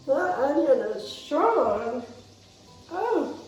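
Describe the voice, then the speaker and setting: A woman, chatting to viewers as she demonstrates a recipe in her kitchen. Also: on the high side. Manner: chatty, folksy, talks to viewers while chopping. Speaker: home cook demonstrating a recipe. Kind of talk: casual cooking demonstration. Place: home kitchen. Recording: roomy kitchen, mic at a distance, faint noise.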